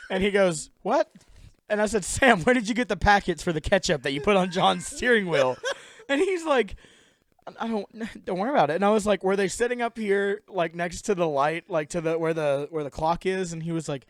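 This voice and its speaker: With a high-pitched, animated voice at a moderate pace, a young man tells a story on a podcast he co-hosts. He rambles, laughs, and performs quotes in silly voices, and the recording is dry.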